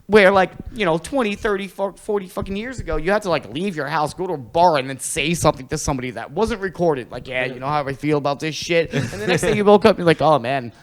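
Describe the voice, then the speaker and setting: A man's voice: high voice, fast, few pauses, rough recording. A man talking casually on a podcast, ranting animatedly and swearing a lot. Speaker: podcast host.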